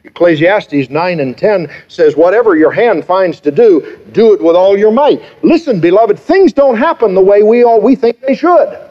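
A man's voice: high voice, expressive, moderate pace, hardly any pauses. Emphatic preaching man in his fifties. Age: 50s. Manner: emphatic, preaching with rhetorical questions and repetition. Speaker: pastor. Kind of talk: sermon. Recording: dull lo-fi sermon recording.

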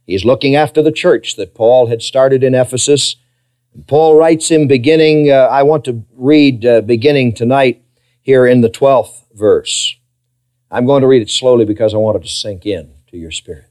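Impassioned preaching man, dark mellow voice. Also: moderate pace. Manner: impassioned preaching, swings between loud emphasis and hushed low phrases. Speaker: pastor. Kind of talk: sermon. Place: church.

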